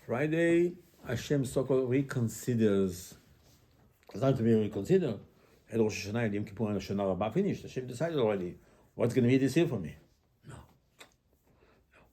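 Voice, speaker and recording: Animated rabbi giving a sermon. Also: male voice, mid-range voice. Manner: animated, rhetorical questions, acts out quotes.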